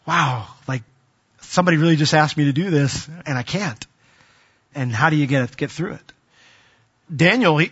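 A man's voice: a little high, fairly bright tone, husky, lo-fi sound. A man preaching a sermon in an earnest, conversational way with emphatic rises.

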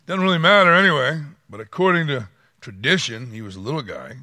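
A man's voice: medium pitch, animated, a little fast, sharp tone, no echo. A man preaching a sermon, reading scripture and acting out quotes with dramatic swings. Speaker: pastor.

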